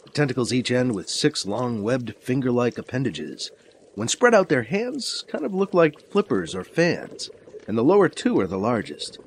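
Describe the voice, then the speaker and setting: A man narrating a science-fiction radio drama with a clear storytelling delivery. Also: medium pitch, very animated, normal speed, slight background noise.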